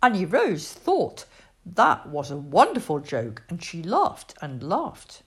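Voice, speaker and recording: Slow, lively woman reading a storybook. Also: fairly low pitch, husky. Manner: expressive storytelling with put-on voices. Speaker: storybook reader. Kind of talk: read-aloud children's storybook.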